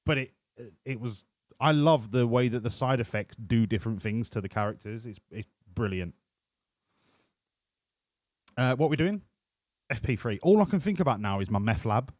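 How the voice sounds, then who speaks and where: Crude rambling gaming streamer. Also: male voice, lowish voice, animated, fairly quick, a little mellow, no room sound. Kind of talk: casual gameplay commentary.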